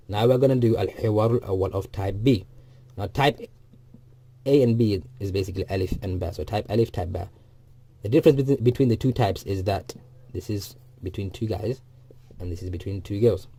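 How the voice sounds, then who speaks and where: Man teacher with a low, dark voice, dry recording; walks through a lesson slowly with ums. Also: dry recording. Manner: explains step by step, repeats phrases, frequent ums. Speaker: Arabic teacher.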